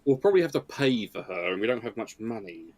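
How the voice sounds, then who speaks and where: A man's voice: fairly low pitch, very animated, quick pace, a little mellow. Guy chatting in a story game stream, voice swoops way up and down, playful. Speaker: guest player. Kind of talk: casual chat.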